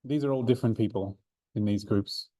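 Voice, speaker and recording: A man's voice: fairly low pitch, fairly quick, warm tone, dry recording. A man, a maths learning centre coordinator, explains a revision seminar step by step with fillers and restarts. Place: room, drawing notes for an overhead camera.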